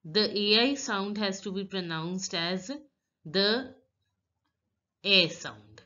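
A woman teaching French pronunciation, reading words out slowly and explaining each sound step by step. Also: mid-range voice, pushed and bright. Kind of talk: slow pronunciation lesson. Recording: dull lo-fi recording.

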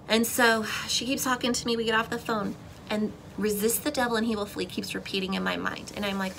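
A young woman giving an earnest, fervent personal testimony, dropping to a hush and then rising to loud pleading. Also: mid-range voice, a little fast, creaky, a little hiss or hum. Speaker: Christian content creator. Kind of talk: emotional testimony to camera.

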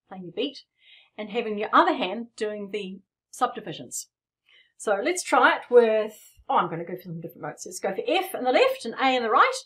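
A middle-aged woman whose voice sits on the high side and sounds a bit bright is teaching piano. Playful and encouraging, she explains rhythms and demonstrates them by playing, with piano heard in the background.

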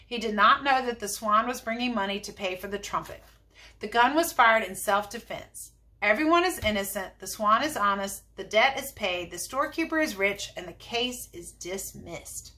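A woman reading a storybook aloud, voicing a solemn, wise male judge who speaks in slow, measured pronouncements. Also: medium pitch, expressive, bright, forceful tone.

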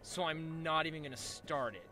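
A man's voice: fairly high pitch, moderate pace, bright, forceful tone. A man hosting a gaming channel, giving goofy, self-mocking let's play commentary. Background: game music.

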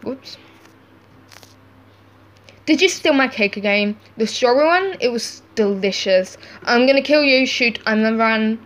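Slow high-voiced woman reading text stories. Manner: acts out each texter with lively shifts in tone. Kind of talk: reading chat stories aloud.

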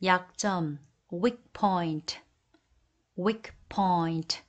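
Woman slowly reading English word pairs. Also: on the low side. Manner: slow deliberate repetition of each English phrase. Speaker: English vocabulary teacher. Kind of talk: word list reading, Korean then English repeated twice.

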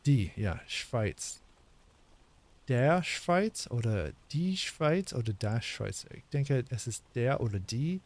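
A man's voice: mid-range voice, big pitch swings, takes it slowly, a little mellow. A man thinking aloud as he practices a language he is learning, guessing at words and correcting himself as he sounds them out. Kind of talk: casual think-aloud commentary.

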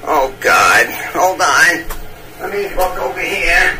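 A man's voice: on the high side, sing-song, slow pace, noisy background. A man voicing a rambling 73-year-old man on a prank phone call, stammering and cackling while he mixes up idioms. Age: old man persona. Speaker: scam baiter.

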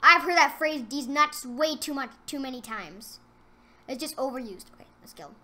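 A woman does casual gameplay commentary for her gaming channel, excitable and trash-talking her opponents before dropping into mumbled asides. Her voice sits high at a moderate pace, with a little hiss or hum in the audio.

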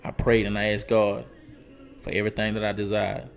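A man's voice: monotone, fairly quick, creaky. Fervent man in his thirties preaching motivation. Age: 30s. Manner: preachy and fervent, building from low and quiet to loud and high; repeats phrases and restarts for emphasis, quotes scripture. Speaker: online coach and motivational speaker. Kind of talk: motivational talk on a live show.

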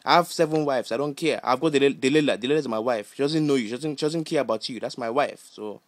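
A man playing a bossy, scolding Nigerian uncle who fires off rapid, repetitive insults in comic banter. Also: medium pitch, close to an everyday voice. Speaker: comedy character.

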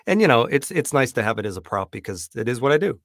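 A man who works as a voice actor, talking easygoing in a casual interview from his home studio on a boom-arm microphone. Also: sing-song, fast, no echo. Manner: easygoing, dry self-deprecating humor. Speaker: voice actor and audiobook narrator guest.

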